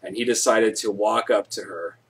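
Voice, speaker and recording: Husky male streamer, casual, swears a lot, rambling jokey storyteller. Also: fairly low pitch, normal speed. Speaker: live stream host.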